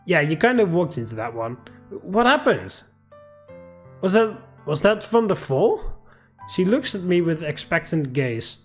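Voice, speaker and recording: A man reads a visual novel aloud and breaks off into rambling, laughing asides. His voice sits somewhat high and swings widely in pitch. Faint game music plays under him. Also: very animated, normal speed. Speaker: gameplay commentator.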